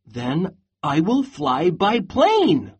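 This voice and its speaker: Anxious storybook pig voiced by a reader, unhurried, husky tone. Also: medium pitch, wildly swooping pitch, darkish tone, lo-fi sound, full character voice. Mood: eager. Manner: slow, deliberate storybook delivery. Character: anxious pig planning a trip. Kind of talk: storybook read-aloud.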